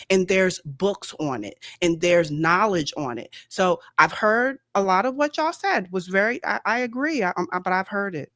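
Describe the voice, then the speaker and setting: A woman's voice: medium pitch, fairly bright tone, dry recording, clean studio sound. A woman in a casual faith discussion, insistent and questioning, holding the floor to press her point.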